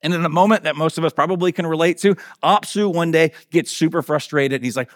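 A man's voice: fairly high pitch, fast, dry recording. Casual-talking male pastor, dry sound. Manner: casual, checks in with "right?" and "okay?". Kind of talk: conversational sermon. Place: church.

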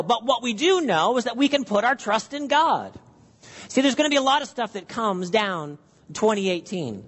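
A man's voice: very high-pitched, a bit bright, long reverb tail. A man preaching an earnest sermon, acting out worried questions and prayers to his listeners. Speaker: pastor.

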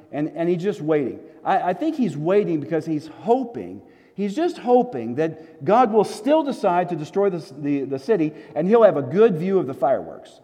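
A pastor preaching a sermon, telling a story with animated, emphatic repetitions. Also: male voice, fairly high pitch. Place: church sanctuary in a desert city. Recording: long reverb of a large hall.

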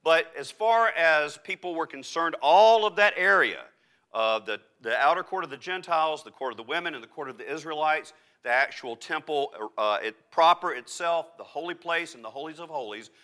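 Guy preaching in church, bright kinda high voice, punchy pauses, restarts here n there. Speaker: pastor. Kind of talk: sermon.

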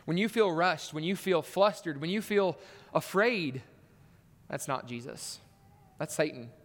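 Man, preacher, sermon, fairly high voice, storytelling, punchy emphasis, long church reverb. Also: measured pace.

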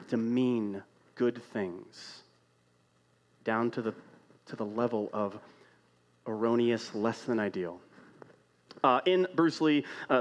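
A man delivering a sermon to a congregation. He talks in a conversational way and keeps posing rhetorical questions, rising to loud emphatic lines and then dropping to quiet, hushed ones. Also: mid-range voice. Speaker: pastor.

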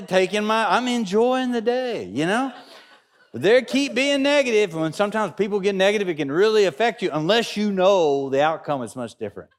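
Animated joking man. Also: high voice, fairly quick. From Kentucky, USA. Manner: animated, joking, building excitement. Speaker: speaker addressing an audience. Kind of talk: humorous storytelling talk.

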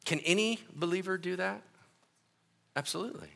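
A man preaching a sermon as an animated, joking storyteller who often laughs at his own asides. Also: high-pitched, normal speed, gravelly. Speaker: pastor.

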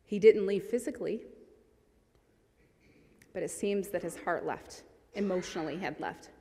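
A woman's voice: lowish voice, normal speed, mellow. A woman giving a sermon in an earnest, conversational way, reading scripture aloud along the way. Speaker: preacher. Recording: long hall reverb.

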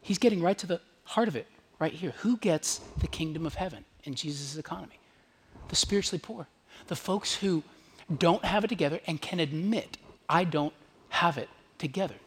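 A man, a pastor, preaching a sermon to his church congregation in a conversational, emphatic way, sometimes dropping to a hush. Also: fairly high pitch, normal speed, slightly rough. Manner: conversational, emphatic, drops to hushed whispers on key lines.

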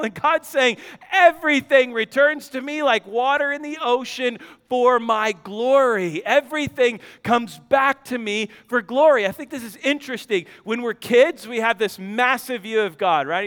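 A man preaching a sermon, reading scripture aloud with animated, joking asides. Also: very high voice, normal speed, smooth. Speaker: pastor. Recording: long hall reverb.

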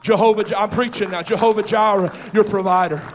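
A man preaching a fervent sermon, building to shouts and calling out to his congregation. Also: high voice, steady tone, fast talker.

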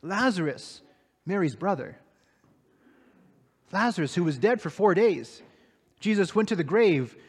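High-voiced man preaching in a reverberant hall. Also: lively intonation, a little slow, long pauses, husky. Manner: dramatic storytelling, swinging between hushed and raised. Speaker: pastor. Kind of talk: sermon.

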